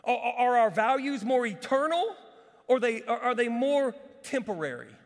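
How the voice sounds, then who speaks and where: A man preaching a sermon as pastor, telling stories with lively repeats and asides to the congregation. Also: very high-pitched, moderate pace. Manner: energetic storytelling with repetitions and asides. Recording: long hall reverb.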